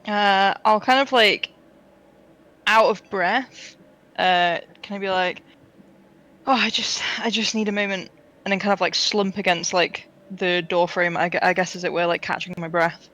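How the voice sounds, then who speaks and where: A woman's voice: on the low side, steady tone, normal speed, a bit bright, rough recording. A woman player in a tabletop game, describing her actions hesitantly with many fillers. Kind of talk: tabletop role-play.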